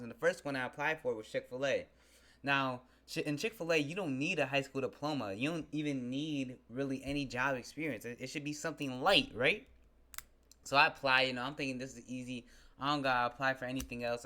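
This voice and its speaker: A young man in a casual vlog, ranting in an animated, slangy, exasperated way. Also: medium pitch. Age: young adult. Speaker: vlogger. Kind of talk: casual venting monologue.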